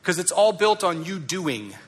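A male pastor preaching a sermon, emphatic and conversational, asking the congregation rhetorical questions and dropping soft on key lines. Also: high-pitched, big pitch swings, measured pace, husky.

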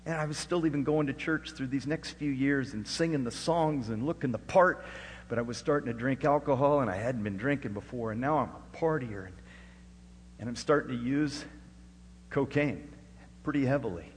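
A middle-aged man from Alaska preaching a sermon and telling his own story. He moves between hushed storytelling and loud, rising preaching. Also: mid-range voice, moderate pace, in a large hall, a little hiss or hum. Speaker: pastor. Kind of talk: sermon with personal testimony.

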